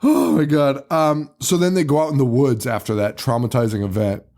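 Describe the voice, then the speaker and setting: Man, podcast co-host, casual recap, laughs often, swears, mid pitch. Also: steady tone, a little fast, darkish tone. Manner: laughing, profane, retelling scenes with mock quotes. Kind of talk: casual movie recap chat.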